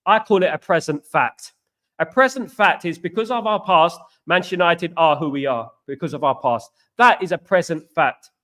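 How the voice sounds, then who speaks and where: At a moderate pace, a middle-aged East London man chats on a fan channel's live stream with a high, bright voice. He's a lively, repetitive storyteller who wanders between anecdotes and replies to viewers' comments.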